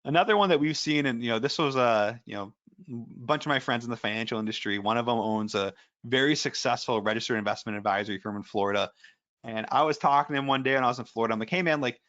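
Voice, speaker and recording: A man's voice: mid-range voice, fast, fairly bright tone, lo-fi sound. A man giving a casual webinar presentation as an ethical hacker, rambling through anecdotes with lots of fillers.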